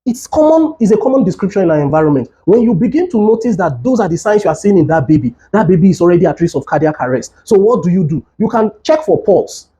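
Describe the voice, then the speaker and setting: A man's voice: high-pitched, very animated, fast talker, hardly any pauses, mellow. A man, a doctor earnestly teaching caregivers with urgent, repeated warnings. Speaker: doctor giving health education. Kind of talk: instructional talk with demonstration.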